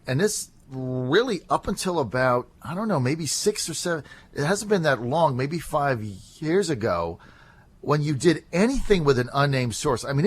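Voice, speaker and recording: Man, radio talk show host, rambling, casual, filler words. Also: mid-range voice. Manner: rambling, conversational, many fillers.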